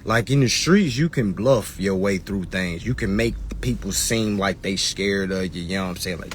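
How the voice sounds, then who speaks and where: A man's voice: deep voice, normal speed, few pauses, slight background noise. A man lecturing his live-stream followers in casual, preachy talk, repeating his points and mocking people in put-on voices. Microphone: phone on a live stream.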